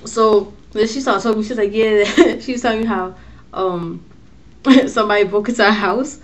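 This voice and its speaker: A woman's voice: mid-range voice, normal speed, a little hiss or hum. Slangy young woman telling a story. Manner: slangy, animated, swearing storyteller. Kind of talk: casual storytelling vlog.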